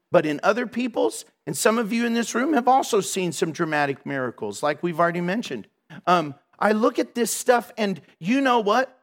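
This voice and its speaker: A man preaching a sermon as a pastor to his church, telling a story with animated delivery and acting out the people in it. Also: a little high. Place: church hall.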